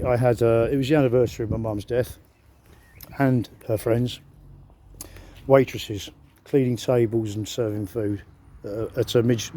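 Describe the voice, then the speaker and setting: A man's voice: medium pitch, warm tone, a little hiss or hum. A middle-aged man, talking to his phone camera in a casual, rambling monologue full of hesitations and self-mocking humor. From England. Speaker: vlogger.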